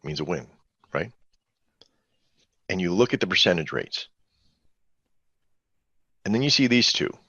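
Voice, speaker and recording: A man with a low, gravelly, somewhat husky voice hosts a live webinar, rambling conversationally and throwing questions at his listeners. The sound is dull and lo-fi, like a computer mic on a video call, and dry. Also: sing-song, a little slow, long pauses, sharp tone, no echo. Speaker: trading webinar host. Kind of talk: casual live webinar teaching.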